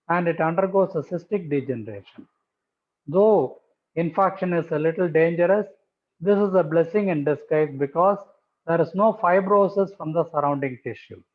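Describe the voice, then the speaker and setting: A man giving a methodical pathology lecture over slides, repeating key terms for emphasis. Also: on the high side. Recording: tinny phone-like audio.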